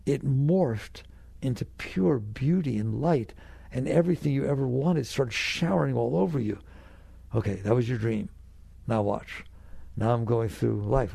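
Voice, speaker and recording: Gravelly man giving an earnest spiritual talk. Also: medium pitch, mellow, no room sound. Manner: earnest, pleading, repeats phrases for emphasis; acts out anxious inner voices. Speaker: spiritual teacher.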